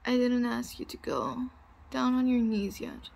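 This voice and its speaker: A woman's voice: fairly high pitch, big pitch swings, measured pace, gravelly, darkish tone, exaggerated voice. A woman playing a cruel young bully in a whispered role-play, taunting and bossing the listener with mocking laughs. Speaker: audio role-play performer.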